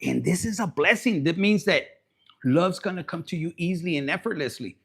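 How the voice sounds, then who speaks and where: A man's voice: on the high side, expressive, a little fast, gravelly, breathy edge. A man giving a raunchy, joking live tarot reading, slipping in Spanish. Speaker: tarot reader.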